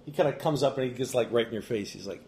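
A man's voice: mid-range voice, very fast, mellow, slight background noise. A man narrating a tabletop game as game master, casual with frequent fillers, in an echoey room. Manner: casual, laughing, hesitant fillers.

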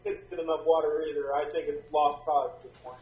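A man's voice: fairly high pitch, fairly even intonation, fairly quick, recorded from a distance. Man, tabletop player, laid-back drawl, dull echoey recording. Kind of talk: casual tabletop game talk. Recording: dull echoey room sound.

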